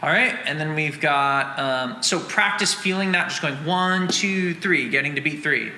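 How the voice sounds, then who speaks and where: Over loud drum line music in a roomy, long-reverb space, a man gives a drum lesson, breaking down snare rhythms by counting and singing the beats in syllables. He speaks at a measured pace in a slightly high voice, explaining with casual fillers.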